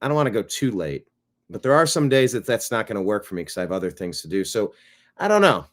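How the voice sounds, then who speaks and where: A man's voice: on the low side, fast talker. A man hosting his own show, chatting casually and thinking aloud about when his next stream will be. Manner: relaxed, rambling, thinking aloud. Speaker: show host. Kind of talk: casual live-stream chat.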